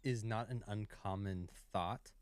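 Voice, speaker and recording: A man on a podcast, talking in a relaxed, agreeable way. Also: fairly low pitch, unhurried, dry recording. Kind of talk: podcast discussion.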